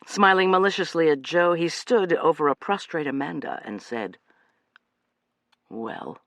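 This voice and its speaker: Male audiobook narrator, lively in pitch, dry close sound. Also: moderate pace, no room sound.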